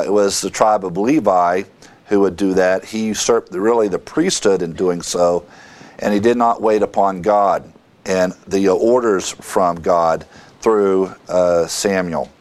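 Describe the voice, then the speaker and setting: Lowish-voiced guy reading bible verses and explaining them, lots of uhs and restarts. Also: darkish tone. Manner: reads scripture aloud, then explains it with halting asides. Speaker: Bible teacher.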